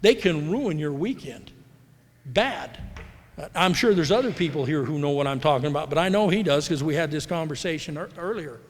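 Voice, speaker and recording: A man's voice: on the high side, expressive, moderate pace, a little hiss or hum. A middle-aged man from the United States giving a candid, rambling personal talk at a recovery convention, acting out the voices of people he quotes. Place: large hall. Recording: live hall recording with long reverb.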